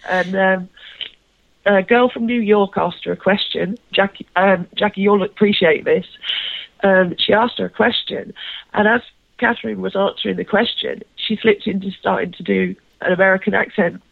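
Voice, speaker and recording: A woman's voice: mid-range voice, steady tone, normal speed, vocal fry, no echo. Casual co-host, woman, self-deprecating rambler, over a dry, phone-line quality mic. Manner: rambling, self-deprecating, many fillers and restarts. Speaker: podcast co-host. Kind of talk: casual chat recounting a convention.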